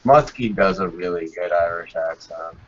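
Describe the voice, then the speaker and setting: A man's voice: low-pitched, moderate pace, slight background noise. A man in casual chat making blunt, profane quips. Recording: dull lo-fi call audio.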